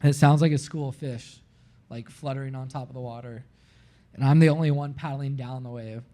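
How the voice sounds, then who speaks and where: A man from Florida, a guest on a live podcast, telling a long story in an animated way, peppered with "like" and acting out what people said. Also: mid-range voice, a little fast. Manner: animated, heavy use of "like", acts out his own quotes.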